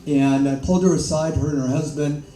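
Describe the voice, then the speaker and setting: A man's voice: fairly high pitch, fairly even intonation, warm tone. Older guy telling his story, lots of ums and laughs, echoey room, mic kinda far. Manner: halting, with many fillers and laughs. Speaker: interview guest. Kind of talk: conversational storytelling.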